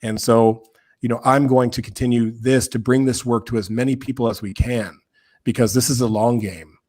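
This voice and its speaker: A man with a medium-pitched, darkish voice speaks at a moderate pace with fairly even intonation. He is a guest on a podcast, recorded remotely or in a studio, and as the founder of a men's work organization he talks in an impassioned, conversational way, earnest and preacherly, repeating phrases for emphasis.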